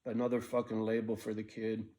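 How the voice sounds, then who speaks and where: A man's voice: lowish voice, completely flat delivery, brisk, mellow. A man of sixty rambling through a profane vlog monologue, restarting and jumping between thoughts. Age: 60s. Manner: restless, frequent restarts and stumbles. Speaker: vlogger.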